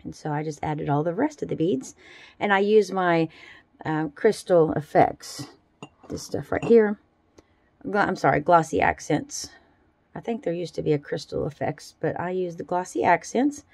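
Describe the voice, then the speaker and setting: A woman casually showing off her handmade jewelry in a relaxed, chatty way at a home craft table. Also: lowish voice, normal speed, gravelly, no echo, clean studio sound. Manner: chatty, relaxed, fond little asides. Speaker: jewelry-making vlogger. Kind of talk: casual show-and-tell.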